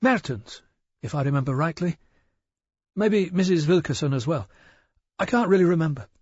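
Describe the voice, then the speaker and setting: A man voicing a nervous, hoarse middle-aged male shopkeeper in an audiobook, hesitant and stammering. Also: on the high side, lively intonation, moderate pace, a little mellow, dry recording, dull audio, voice pushed up. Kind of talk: audiobook character voice.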